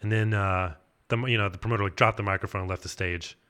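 Male comic storyteller: fast, bright tone, rambling and deadpan, heavy on fillers. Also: on the low side, clean tone. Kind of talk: improvised comedic anecdote.

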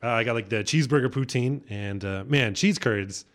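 A man's voice: medium pitch, fairly quick. A man with a Texan accent co-hosting a radio talk show, telling rambling, self-conscious stories with many fillers. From Texas. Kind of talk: casual chat.

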